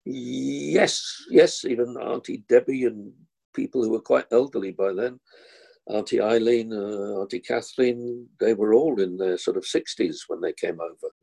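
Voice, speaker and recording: A man's voice: lowish voice, measured pace, gravelly, mellow, husky. An older man, chatting as an actor guest and telling rambling anecdotes. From London. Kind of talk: casual interview chat.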